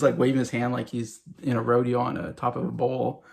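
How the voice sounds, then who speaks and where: A man's voice: medium pitch, flat delivery, fairly quick, vocal fry, few pauses. Enthusiastic rambling man reviewing a film. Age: 40s. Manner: enthusiastic, rambling, many fillers. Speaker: movie review vlogger. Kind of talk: casual film review monologue.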